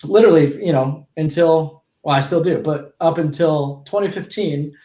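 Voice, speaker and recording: A man in his twenties, a guest on a podcast, tells stories casually in conversation, often restarting and correcting himself. His voice sits on the high side at a moderate pace, with a mellow tone and a roomy sound.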